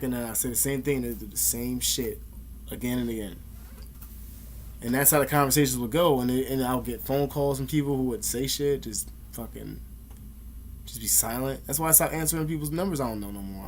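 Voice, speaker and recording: A man's voice: mid-range voice, slight background noise. A young man casually telling a personal story to camera, heavy on slang, swearing and fillers. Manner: profane and slangy, with many fillers. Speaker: vlogger.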